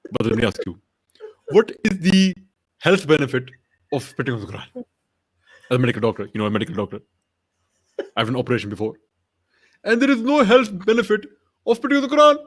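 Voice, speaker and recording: A pompous male preacher lectures in a low, mock-solemn drone, as a man puts him on for laughs. The delivery is preachy and sweeps widely in pitch, dipping deep then jumping up for emphasis. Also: a bit bright, full character voice. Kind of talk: comic impression.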